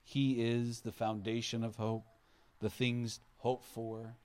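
A man's voice: mid-range voice, little pitch movement, takes it slowly, a little mellow. A male pastor preaching an Easter sermon, earnest, his voice rising and falling for emphasis as he acts out quotes.

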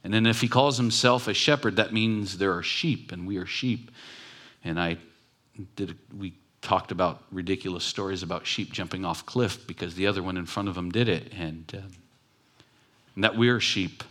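A man's voice: low voice, normal speed, fairly bright tone. A man who is a pastor, preaching a sermon in a conversational, emphatic way and repeating key phrases for weight. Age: adult with children.

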